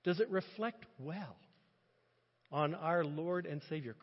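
A man preaching a sermon in an impassioned, animated way, often restarting his phrases. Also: on the high side, slow pace, long pauses. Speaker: pastor. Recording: muffled sound with long reverb.

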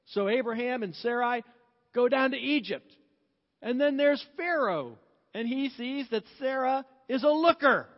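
A man preaching a sermon as pastor, storytelling in a chatty way, laughing often and softening when reflective. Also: extremely high pitch, lively intonation, measured pace. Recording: dull sound with long hall reverb.

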